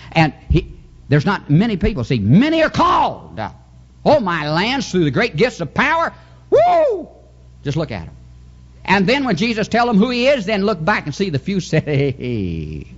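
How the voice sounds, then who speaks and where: A man preaching a fervent Pentecostal revival sermon, swinging his pitch and chuckling as he goes. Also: lo-fi sound. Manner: fervent, sing-song preaching with sudden pitch jumps and chuckles.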